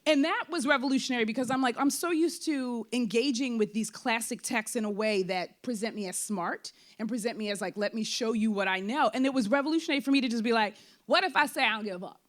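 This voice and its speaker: Animated woman in a talkback. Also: on the high side, fast talker, hardly any pauses. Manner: animated, frequent fillers, acts out quoted thoughts. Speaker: playwright and performer in a post-show talkback. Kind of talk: candid conversational talkback. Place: theater before an audience.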